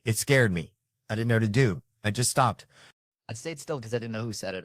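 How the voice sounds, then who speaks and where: Lively low-voiced male stand-up comic. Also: a little fast, no room sound, studio quality. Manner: animated storytelling, acting out family members. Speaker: stand-up comedian. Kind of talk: stand-up comedy routine.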